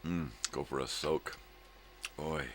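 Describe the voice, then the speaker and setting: A man's voice: extremely low pitch, fairly even intonation, slow pace, a bit bright, a little hiss or hum. An older man hosting a casual livestream chat, rambling and laid-back, laughing often, hungover. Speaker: livestream host.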